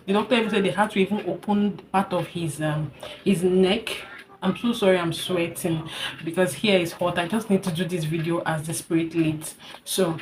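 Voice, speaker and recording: Young Nigerian woman, vlogger, low voice, earnest heartfelt storytelling with fillers, faint background hiss. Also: fairly even intonation, moderate pace, darkish tone. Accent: Nigerian English. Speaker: vlogger sharing a personal story. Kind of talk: casual storytelling vlog. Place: hot indoor room.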